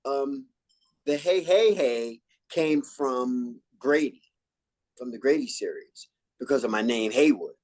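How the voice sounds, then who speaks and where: An older man from New York, an actor, telling stories in a relaxed interview and acting out old lines and catchphrases. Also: medium pitch, slow pace. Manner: animated, acts out quotes and catchphrases. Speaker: actor guest.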